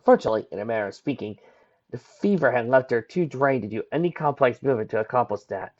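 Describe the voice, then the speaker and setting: A man narrating a fan fiction story aloud, in a lively reading with small slips and self-corrections. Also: medium pitch, quick pace. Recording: dull lo-fi home recording.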